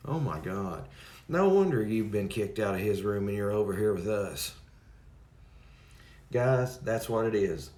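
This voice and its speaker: A man chats loosely with his livestream audience, wandering from point to point and greeting people by name. His voice sits a little low. The sound is roomy and echoey. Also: lively intonation, measured pace, pauses often, darkish tone. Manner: rambling, addresses chat by name. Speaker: livestream host. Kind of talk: casual chat with viewers.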